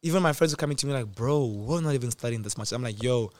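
A man in his twenties telling a personal story in casual chat, animated, acting out quotes with sudden jumps in pitch and loudness. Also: fast talker, no room sound. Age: 20s. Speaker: host.

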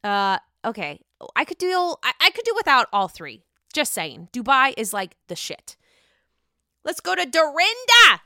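Sassy, bright-voiced woman dishing gossip. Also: high voice, a little slow, no room sound, studio quality. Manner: sassy, profane, expressive. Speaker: reality TV gossip host. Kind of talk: casual gossip commentary.

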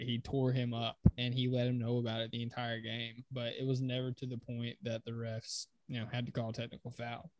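A man co-hosting a casual sports podcast, leading the talk in a relaxed conversational way and reciting game stats. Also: mid-range voice, no echo. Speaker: podcast co-host.

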